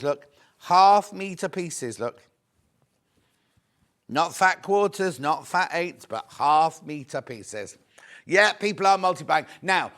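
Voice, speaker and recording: A man's voice: high voice, a bit bright. Upbeat man selling on live TV. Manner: chatty, upbeat, urging viewers repeatedly. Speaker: shopping channel presenter.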